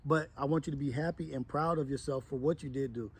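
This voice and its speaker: A man hosting a casual livestream, talking to viewers directly in an emotional, preachy way that swings between loud and soft. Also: mid-range voice, quick pace, husky. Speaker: livestream show host.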